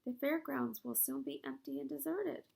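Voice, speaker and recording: Gentle, fading female spider from a storybook, quiet and steady, gravelly texture, read by a woman. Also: high-pitched, normal speed, voice pushed up, full character voice. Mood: calm. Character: wise, dying female spider, calm and gentle.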